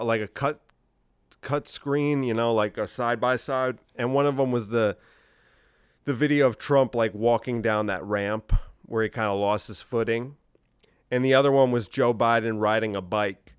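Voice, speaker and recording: A man's voice: mid-range voice, smooth, no echo, clean studio sound. Rambling, incredulous man hosting a podcast. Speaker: podcast host. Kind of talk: solo political commentary podcast.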